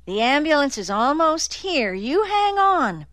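A woman's voice: sits high, big pitch swings, a little slow, fairly bright tone, no room sound, voice pushed up, heavily acted. A woman voicing a male detective who presses a dying man with urgent, insistent questions.

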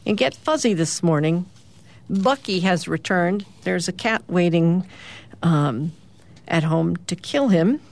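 Female radio host, middle-aged, lowish voice; lively comic-strip storyteller who pops up for character lines. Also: slow, creaky. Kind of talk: reading newspaper comic strips aloud on morning radio.

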